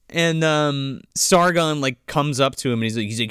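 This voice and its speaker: A man's voice: a little high, a little fast, hardly any pauses, clear, resonant tone, no echo, studio quality. A man co-hosting a podcast, casually and profanely retelling a movie scene by scene. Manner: profane, animated retelling with quoted voices. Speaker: podcast co-host. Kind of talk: casual chat recapping a movie.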